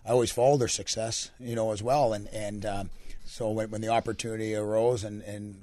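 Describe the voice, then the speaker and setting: A young Canadian man, a hockey coach with a deep, raspy voice, answering radio interview questions in a relaxed, rambling way. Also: fairly quick. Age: young adult. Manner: relaxed, rambling answers with many fillers and restarts.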